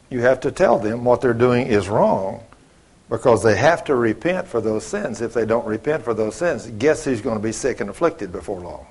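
A man's voice: mid-range voice, a little mellow. A middle-aged man preaching a sermon, telling folksy stories and acting out both sides of the conversations.

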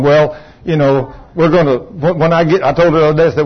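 A man's voice: a little high, fast, hardly any pauses. A pastor in his sixties preaching a sermon, telling folksy, joking stories about his marriage. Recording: dull lo-fi recording.

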